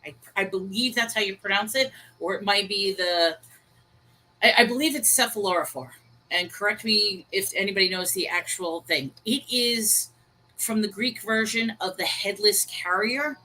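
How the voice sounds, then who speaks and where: Bright-voiced chatty woman co-hosting a stream. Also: medium pitch, steady tone, normal speed, slight background noise, low-quality recording. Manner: chatty, self-deprecating about pronunciation; reads viewer chat aloud and greets viewers. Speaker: co-host of a livestream discussion. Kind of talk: casual livestream chat.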